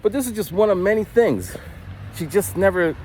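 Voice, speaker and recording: A man's voice: high-pitched, animated, normal speed, a little mellow, slight background noise. A man in his forties casually telling a story while walking outdoors, rambling and stammering through frequent restarts. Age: 40s. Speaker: vlogger.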